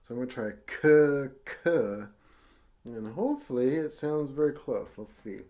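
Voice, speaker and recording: A medium-pitched, mellow man talks fairly quickly while teaching brass. Patient and casual, with fillers, he demonstrates tonguing syllables out loud for students to copy.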